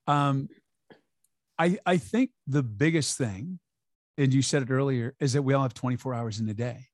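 A man's voice: mid-range voice, moderate pace, a little mellow, no room sound, clean studio sound. A man talking as an interview guest, upbeat and emphatic, sometimes acting out quoted voices. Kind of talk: conversational interview.

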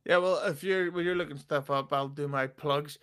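A man, a podcast guest trading deadpan, absurd jokes in casual chat. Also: fairly high pitch, moderate pace, clear, resonant tone. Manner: joking, absurd deadpan quips.

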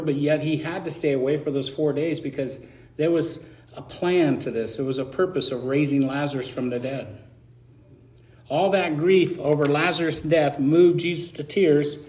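A middle-aged man preaching a sermon with a slightly higher voice than most men. He talks in a chatty, emotional way and drops self-deprecating asides between his points.

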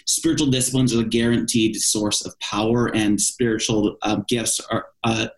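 A man's voice: fairly low pitch, little pitch movement, normal speed, rough recording. A man hosting a podcast, asking questions in a thoughtful, hesitant way. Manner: thoughtful, hesitant phrasing with fillers. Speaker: podcast host. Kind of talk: interview questions.

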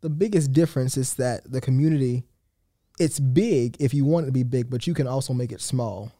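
A young man from Atlanta answers interview questions in a quick, earnest and polite way. His voice is mellow and unhurried in tone, though his words come fast. The studio sound is dry and close. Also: mid-range voice, dry recording. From Atlanta, Georgia. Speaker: student guest. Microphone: studio mic.

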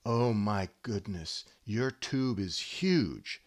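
A man's voice: on the low side, expressive, extremely slow. A man reading the lines of a flirty woman in a comic parody story, cooing and pleading.

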